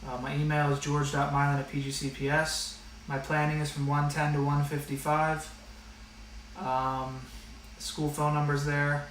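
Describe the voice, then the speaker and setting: Man teacher, higher voice, flat delivery, echoey distant mic, faint room hum. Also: measured pace. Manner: casual, direct, with frequent fillers. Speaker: math teacher. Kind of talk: online class orientation.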